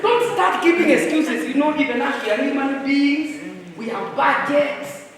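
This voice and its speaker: A high-voiced woman leads a staff workshop, teasing her listeners and calling on them for answers. Her voice rings through a long, echoey hall, picked up from well back with a faint murmur of the room behind her. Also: measured pace, a crowd in the background, noisy background. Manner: animated, teasing, quizzes the audience. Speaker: speaker at a staff retreat. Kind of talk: lively motivational workshop talk. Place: large hall with an audience. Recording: echoey hall, distant mic.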